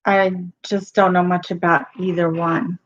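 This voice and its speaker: Middle-aged woman hosting a casual live stream, hoarse from losing her voice, halting delivery, dull lo-fi sound. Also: on the low side, level tone, a little hiss or hum. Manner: halting, with many pauses and ums.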